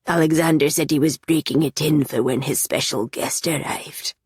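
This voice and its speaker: A woman reading an audiobook, voicing a tormented young male captive in a low, raspy, monotonous half-whisper. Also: very slow, dry recording, studio quality, full character voice. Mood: haunted. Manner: monotonous, hushed. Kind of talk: audiobook character voice.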